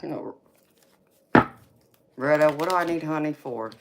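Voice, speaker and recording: A woman hosting a tarot live stream with a raspy voice. She answers viewers in a casual, forthright way and calls them baby and honey. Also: deep voice, unhurried. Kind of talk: casual live-stream chat reading comments. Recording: clear background noise.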